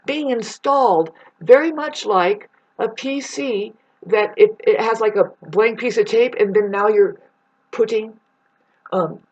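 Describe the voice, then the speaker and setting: A female vlogger with a fairly high, darkish voice speaks unhurriedly in a loose, rambling way, swearing casually and calling her viewers "babes." The recording is muffled, dull and lo-fi.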